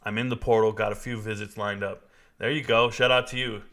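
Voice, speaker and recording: A man's voice: lowish voice, a little fast. A man in his forties hosting a sports live stream, talking casually and answering chat. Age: 40s. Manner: animated, reads and answers chat.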